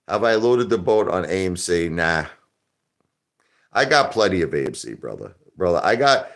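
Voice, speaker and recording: A very low-voiced man hosts a live stream, rambling and cracking jokes. He gets loud when he is joking around and goes quiet and somber at other times. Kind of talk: casual live-stream chat.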